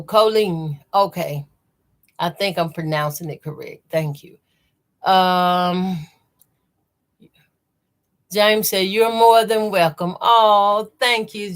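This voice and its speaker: A woman with a Southern accent hosts a live quilting stream, greeting each viewer by name and reading their comments aloud. She talks slowly and easily, with a bright, clear tone. She keeps saying y'all. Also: medium pitch. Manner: says y'all a lot. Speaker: quilting channel host. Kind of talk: live stream chat while sewing.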